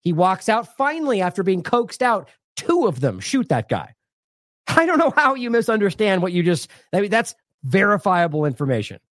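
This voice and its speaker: Animated, indignant male news commentator. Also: sits high, moderate pace, no echo, studio quality. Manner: indignant, sarcastic, emphatic. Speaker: independent news show host.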